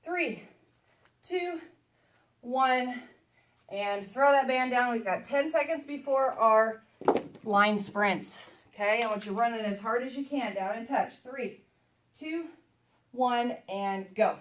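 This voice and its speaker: A higher-pitched woman leads a workout while exercising along, chatty and encouraging as she counts down the reps. She sounds a fair way from the mic, in an echoey room at home. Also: slow pace, pauses often, a bit bright, far from the mic, a little hiss or hum. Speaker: fitness instructor.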